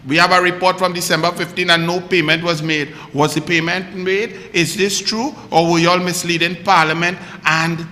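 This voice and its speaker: High, bright-voiced Trinidadian man ranting. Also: big-room sound. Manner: mocking, rapid-fire rhetorical questions in dialect. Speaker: political commentary host. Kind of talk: heated political commentary.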